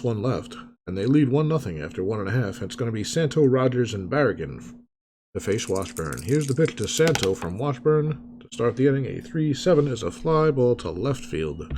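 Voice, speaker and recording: A man hosting a tabletop baseball replay, calling each dice roll like a play-by-play announcer, with relaxed, chatty asides. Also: mid-range voice, noisy background.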